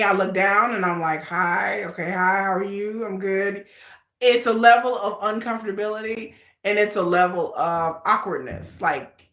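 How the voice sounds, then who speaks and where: A woman's voice: medium pitch, a bit bright, roomy sound. A woman hosting a casual livestream, gushing and laughing as she acts out quotes. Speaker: livestream host.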